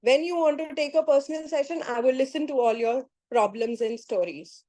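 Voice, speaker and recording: Firm woman facilitator on a video call; high-pitched, dry close sound, insistent delivery. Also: fairly quick, warm tone, no echo, rough recording. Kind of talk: group call talk.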